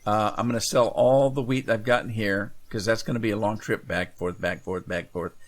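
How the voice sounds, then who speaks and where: A man's voice: on the low side, fairly even intonation, normal speed. A man from Washington State with a slight Minnesota-tinged Northwest accent, rambling folksy commentary while playing a farming game. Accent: Pacific Northwest US with Minnesota traces. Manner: rambling, folksy, trails off quietly. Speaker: gaming channel host. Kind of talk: casual let's-play commentary.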